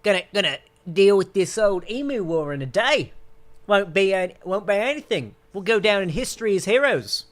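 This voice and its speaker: A man putting on a boastful, brash Australian soldier in a loud, boisterous voice. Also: high-pitched, lively intonation, moderate pace, voice pushed up.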